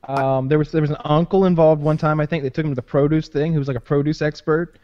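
A man's voice: fairly high pitch, steady tone, fast talker. A man chatting bluntly and casually as a podcast co-host. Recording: dull, lo-fi call audio.

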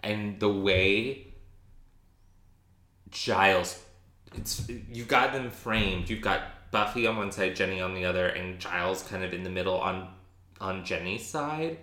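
A lowish, bright-voiced man talks through a TV episode in a loose, animated way, stopping and restarting his sentences. The room around him gives off a clear echo. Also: measured pace. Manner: chatty, animated, frequent restarts and ums. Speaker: podcast co-host. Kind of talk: casual recap chat.

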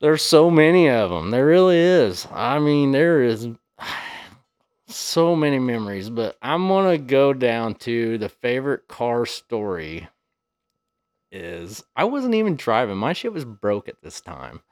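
A man's voice: medium pitch, big pitch swings, a little slow, a little mellow, dry recording, clean studio sound. A man on a podcast as a guest, telling casual stories and cussing freely. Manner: laid-back, cusses freely. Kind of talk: casual storytelling.

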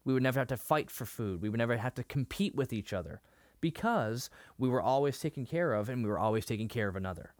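A podcast co-host, male, talks quickly at a medium pitch in a clean, echo-free studio. He's casually discussing a TV episode, retelling it with real emotion and animation, peppered with fillers and false starts.

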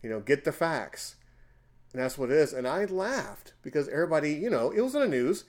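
Animated, storytelling man in his forties. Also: on the high side, brisk. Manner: animated storyteller with loud emphatic bursts. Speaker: podcast host. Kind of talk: casual podcast chat.

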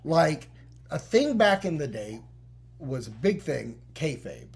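A man's voice: on the high side, sing-song, takes it slowly, vocal fry, darkish tone. A man co-hosting a podcast, talking casually and rambling with lots of fillers. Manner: rambling, heavy use of "like". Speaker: podcast co-host. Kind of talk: casual chat.

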